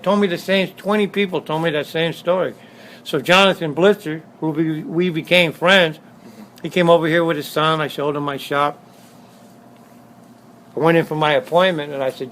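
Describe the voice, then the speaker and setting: At his motorcycle shop, a middle-aged man with a Southern Californian accent tells stories in a casual interview, blunt and streetwise, repeating himself for emphasis. His fairly bright, higher voice holds a steady tone at a moderate pace, on a low-quality recording with slight background noise.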